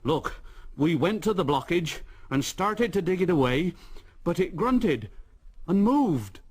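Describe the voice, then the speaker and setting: Man doing frightened workmen, storybook, raised voice, excited, insistent. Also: high voice, takes it slowly, slightly rough, pitched above the performer's own voice, full character voice. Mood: alarmed. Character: frightened male railway workmen. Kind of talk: storybook reading.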